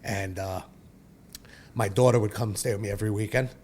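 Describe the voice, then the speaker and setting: Low-voiced blunt New man. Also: fairly even intonation, fairly quick, a little mellow, slight background noise. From Brooklyn, New York. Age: 40s. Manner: blunt and profane, rambling with restarts. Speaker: podcast guest. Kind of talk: candid personal storytelling.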